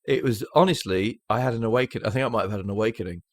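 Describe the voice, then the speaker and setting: A man co-hosting a podcast, telling film scenes with animated, casual chat. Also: fairly low pitch. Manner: animated storytelling, quick asides. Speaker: podcast co-host.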